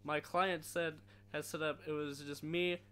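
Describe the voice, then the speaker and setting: A man voicing a pushy male CIA agent with a deliberately annoying, exaggerated voice in a comic film-scene recitation. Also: fairly high pitch, level tone, pushed and bright, slight background noise. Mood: bossy.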